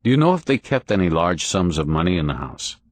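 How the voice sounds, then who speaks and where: A man's voice: low-pitched, sing-song, quick pace, no echo. A man voicing a grim male police detective who gives curt, urgent orders.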